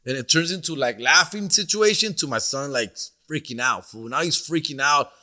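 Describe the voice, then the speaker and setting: A man's voice: fairly high pitch, normal speed, sharp tone. A middle-aged man, hosting a podcast and telling a story in casual slang, mixing in Spanish. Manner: slangy, peppers talk with "fool" and "dog", mixes in Spanish. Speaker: comedian podcast host.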